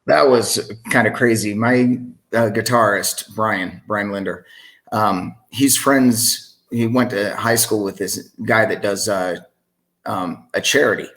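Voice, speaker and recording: A middle-aged man with a fairly low voice tells a story in a relaxed podcast chat. He is animated and puts on the voices of the people in his story. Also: slow pace. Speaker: singer and sound engineer. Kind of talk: casual storytelling in a podcast interview.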